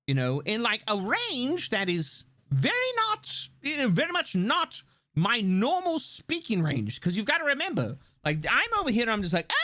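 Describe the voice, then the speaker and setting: A man with a gravelly voice chatting casually on a live stream, talking theatrically and swinging between a bright stream voice and a low natural one. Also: no room sound.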